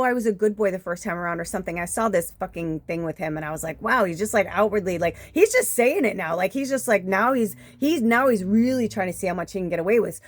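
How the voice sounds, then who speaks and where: A woman's voice: mid-range voice, a little mellow, dry recording. A woman in her fifties, a spiritual medium, rambling in a chatty, emphatic way and swearing often. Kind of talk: casual rambling monologue.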